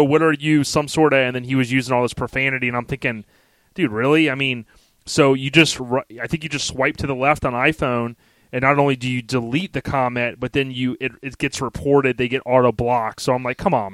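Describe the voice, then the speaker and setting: A man's voice: medium pitch, a bit bright, no room sound. A man in his forties hosting a podcast, talking in a laid-back, slangy way and laughing often. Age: 40s. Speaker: podcast host. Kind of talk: casual podcast chat.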